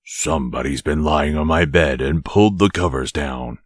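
A man voicing a big, gruff father bear in a storybook, growling his lines. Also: extremely low pitch, moderate pace, no echo, clean studio sound, voice pushed down.

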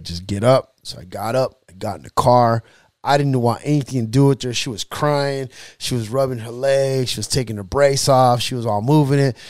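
A man's voice: mid-range voice, dry recording, clean studio sound. A man hosting a faith podcast, telling his personal testimony in an earnest, emotional preaching cadence with lots of repetition.

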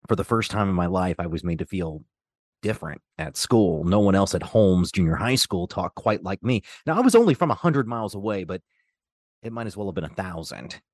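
Man in his 40s, faded kentucky accent, very low voice, dry close sound, podcast host narration. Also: big pitch swings, brisk, darkish tone, no echo. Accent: faded Kentucky Southern. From Louisville, Kentucky. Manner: personal, confessional storytelling. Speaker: host and journalist.

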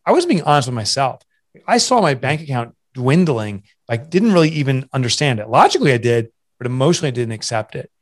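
A man's voice: medium pitch, sing-song, quick pace. Guy in his 40s on an interview, earnest, confessional, stumbles and restarts a lot, voice gets emotional. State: emotional, voice catching. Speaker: guest, entrepreneur and author. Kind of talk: candid interview storytelling.

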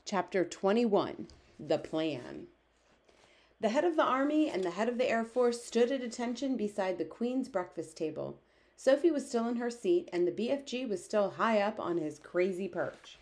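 A woman narrating a children's story aloud, expressive and animated. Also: on the low side, normal speed. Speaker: audiobook reader.

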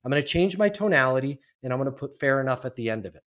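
A man's voice: medium pitch, lively intonation, very fast, fairly bright tone. A man talking as a sales trainer on a podcast, emphatic and casual, acting out sales calls and swearing now and then. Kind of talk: energetic podcast coaching.

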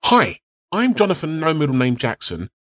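A man's voice: on the high side, huge pitch swings, normal speed, fairly bright tone, no room sound. A man in an amateur radio comedy sketch, playing an earnest, matter-of-fact leader of a treasure quest.

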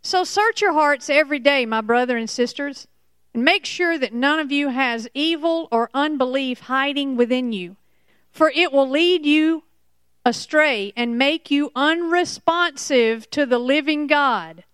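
A woman preaching a Bible sermon, slow and emphatic, repeating key points. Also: high voice, fairly bright tone, no echo. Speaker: Bible teacher.

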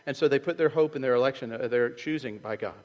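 A man's voice: medium pitch, fast, a little mellow, long reverb tail, muffled recording. A man preaching a sermon as pastor, in a loose conversational way that acts out the voices he quotes. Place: church sanctuary.

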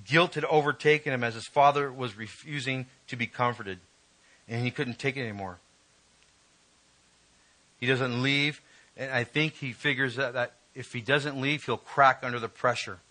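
A male preacher giving an emotional, emphatic sermon, reading scripture and rising in pitch when stirred. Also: moderate pace, pushed and bright, poor audio.

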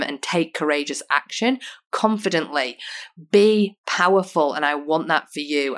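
Earnest English woman giving motivational talk. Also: on the low side. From United Kingdom. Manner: earnest, emphatic, uses repeated rhetorical questions. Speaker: podcast host and personal coach. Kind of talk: motivational podcast monologue.

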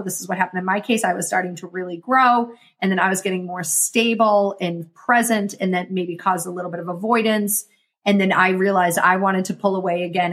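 A woman talking as a guest in a casual interview, energetic and motivational as she explains her coaching. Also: mid-range voice. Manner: energetic, motivational, quick bursts. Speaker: guest, emotional intelligence coach.

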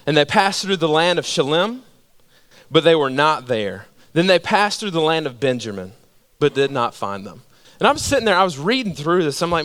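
A male pastor delivers a sermon with a notably high-pitched voice. He tells stories in an animated way and keeps drawing listeners in with rhetorical questions. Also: moderate pace.

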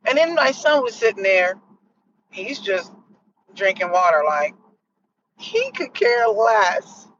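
A middle-aged woman hosting a podcast, telling a story in a casual, animated way and acting out what others said. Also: mid-range voice, takes it slowly, long pauses. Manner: animated, acts out others' lines with laughs. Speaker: podcast host. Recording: distant muffled mic with faint noise.

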